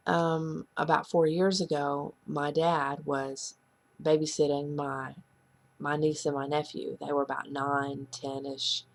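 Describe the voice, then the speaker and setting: A woman earnestly sharing a painful personal story in a halting, confessional way. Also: low-pitched, little pitch movement, a little hiss or hum. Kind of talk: heartfelt personal testimony.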